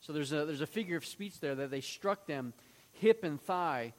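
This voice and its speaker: A man's voice: a little high, normal speed. Man teaching scripture in a reverberant space. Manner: animated, acting out quoted speech in a raised voice. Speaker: Bible teacher. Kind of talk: Bible teaching with scripture reading.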